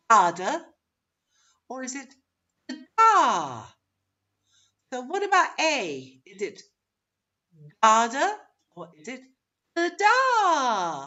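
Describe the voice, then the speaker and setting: A woman's voice: fairly high pitch, bright, forceful tone, dull audio. A woman teaching English pronunciation in an online webinar, drawing out example words and laughing often.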